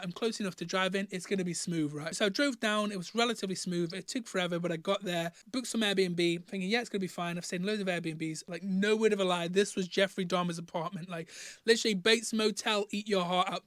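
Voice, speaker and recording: Fast-talking young Teesside man. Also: sits high, no room sound, studio quality. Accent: Teesside English. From Northeast England. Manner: animated, slangy storytelling with acted-out quotes. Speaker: musician. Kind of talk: storytelling vlog.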